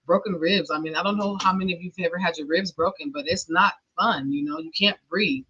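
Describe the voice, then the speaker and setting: Briskly, in a low-side voice that's pushed and bright, a middle-aged woman tells a personal story on her podcast. Her monologue is earnest and emotional, broken by nervous laughter, and the dull lo-fi recording has a little hiss or hum.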